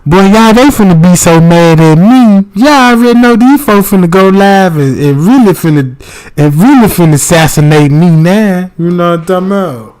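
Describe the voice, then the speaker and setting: Profane, fast-rambling man on a livestream. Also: high voice, lively intonation, darkish tone, clean tone. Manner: loose, profane, keeps asking "you know what I'm talking about". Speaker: livestream host. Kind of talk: casual livestream commentary.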